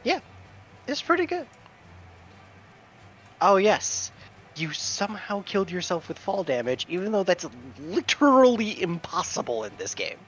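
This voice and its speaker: A man's voice: sits high, big pitch swings, a little slow, pauses often, fairly bright tone, husky, highs cut off. A man playing an online game alongside a friend, making dry, teasing remarks in casual chat. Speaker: co-player. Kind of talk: casual chat while gaming.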